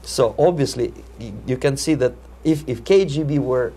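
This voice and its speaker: Russian-accented man, husky and dark. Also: medium pitch. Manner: measured, emphatic, frequent repeated words and uh fillers. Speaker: interviewee, Soviet defector. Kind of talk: interview answers. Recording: 1980s video interview.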